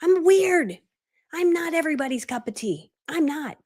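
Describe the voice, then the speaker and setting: A woman's voice: high voice, lively intonation, moderate pace, darkish tone. A middle-aged woman coaching on a live stream, telling her story animatedly and acting out the voices of the people in it. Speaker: online business coach.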